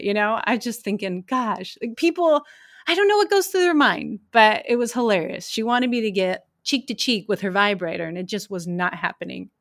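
A woman who works as a crime scene investigator, casually telling wry, animated stories from her work. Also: medium pitch. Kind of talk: casual anecdotal storytelling.

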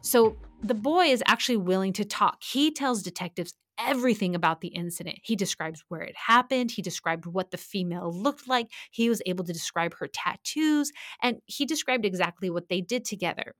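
Woman, true-crime storyteller, lively and blunt, mid-pitched, dry close sound. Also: brisk, hardly any pauses, dry recording. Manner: animated, blunt and conversational, acting out quoted voices.

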